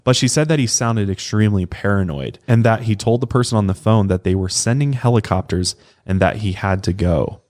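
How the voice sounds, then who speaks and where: Guy with a really low voice telling a crime story on a podcast, laid back, cusses a bit. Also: a little fast, hardly any pauses. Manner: relaxed, swears casually, acts out quotes. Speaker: podcast co-host. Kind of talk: casual true-crime storytelling.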